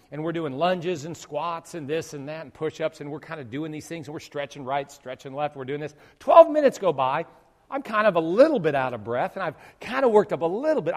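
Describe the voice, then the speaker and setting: Pastor, male, high voice. Animated sermon with acted-out groans, long hall reverb.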